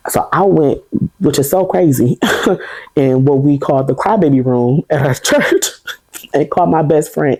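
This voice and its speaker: Woman, young adult, warm tone, dry close sound, podcast testimony. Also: a bass voice, dry recording, poor audio. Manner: animated, laughing, acts out quoted voices. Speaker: podcast guest sharing testimony. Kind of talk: casual storytelling testimony.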